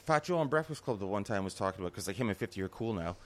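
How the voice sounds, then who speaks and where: Low-voiced man in casual rambling chat. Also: animated, very fast, a bit bright. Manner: rambling, trails off and restarts, steers back to his point. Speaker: podcast co-host.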